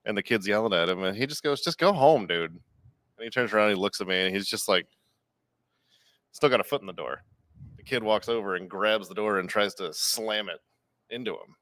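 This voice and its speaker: Podcast guy telling a bar story, lowish voice, acts out the lines, dead dry room. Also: brisk, no room sound. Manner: animated, acts out quotes with big jumps in pitch. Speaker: podcast co-host, bar worker. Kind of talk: casual storytelling.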